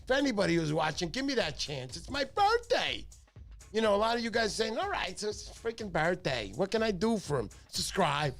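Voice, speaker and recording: Middle-aged man, livestream host, playful joking tone, slightly high voice, faint music behind. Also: big pitch swings, quick pace, gravelly, few pauses. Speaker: fishing channel host. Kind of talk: casual livestream chat.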